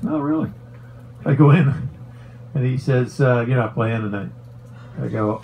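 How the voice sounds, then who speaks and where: A middle-aged man, a former hockey player, tells a long story in a casual, animated way, swearing and laughing as he goes. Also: medium pitch, unhurried, vocal fry, muffled recording, a little hiss or hum. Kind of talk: casual storytelling on a talk show.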